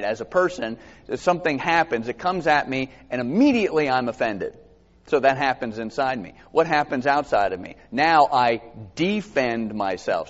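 A man preaching a conversational sermon to a congregation, reading scripture aloud and asking them questions. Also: mid-range voice. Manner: animated, expressive, asks the congregation questions. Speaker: pastor. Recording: dull sound with long hall reverb.

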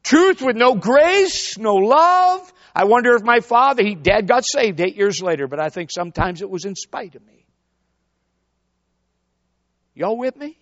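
A man's voice: sits high, fairly quick, no room sound. A man preaching a sermon to a congregation, telling a story and calling out to the crowd. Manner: animated storyteller, calls out to the congregation. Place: church before a congregation. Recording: dull, lo-fi sound.

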